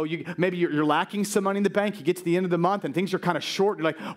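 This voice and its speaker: Preaching with lots of energy, a middle-aged pastor acts out the anxious words of others, stumbling and restarting frequently. He talks fast in a high voice, barely pausing.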